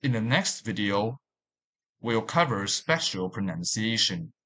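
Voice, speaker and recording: A man narrating a language lesson in a slow, deliberate way, repeating each example word. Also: on the low side, animated, sharp tone. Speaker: language teacher.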